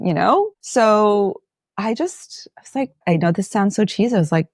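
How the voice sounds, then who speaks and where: Animated woman guest telling stories. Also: medium pitch, moderate pace, no echo, studio quality. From Lebanon. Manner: animated storyteller, acts out quotes. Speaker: actor and playwright guest. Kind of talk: podcast interview.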